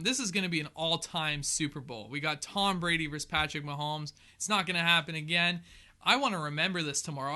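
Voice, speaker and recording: A man's voice: high-pitched, bright, forceful tone, smooth. A man co-hosting a casual sports chat show, upbeat and joking in his banter. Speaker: co-host.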